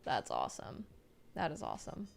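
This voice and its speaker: A woman streamer reading viewer messages aloud on a live stream, reacting with excitable, gushing praise and casual swearing. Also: low-pitched, normal speed, vocal fry, soft background music.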